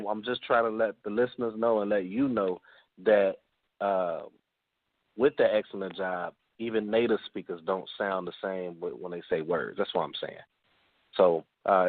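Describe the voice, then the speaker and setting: This Chicago-accented man has a low-sitting voice, heard dry through a tinny phone connection. As part of a relaxed radio panel, he wanders through his points, full of filler words and false starts.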